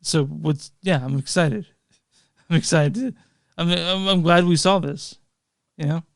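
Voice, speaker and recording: A man's voice: a little high, slow, gravelly, dry recording, studio quality. A man co-hosting a casual movie podcast, easygoing, reading out review scores and show plugs. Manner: easygoing, reads reviews and plugs, laughs often. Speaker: podcast co-host.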